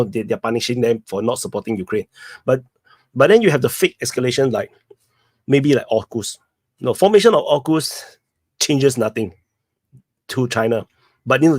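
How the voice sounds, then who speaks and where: A man's voice: mid-range voice, a little mellow, no room sound. Earnest man in a dry room. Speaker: open mic panelist. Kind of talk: casual political discussion. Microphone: video call.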